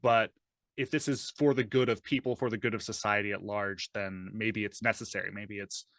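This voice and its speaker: Bright, low-voiced man playing a tabletop game. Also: steady tone, normal speed, no room sound, studio quality. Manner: thoughtful, filler-heavy describing. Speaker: player.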